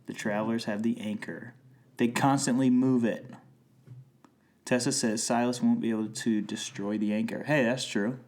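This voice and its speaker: A man's voice: medium pitch, fairly even intonation, moderate pace, darkish tone. A young man co-hosting a podcast, joking around as he reads through plot points of an episode. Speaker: podcast co-host. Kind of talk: casual chat recapping a TV episode.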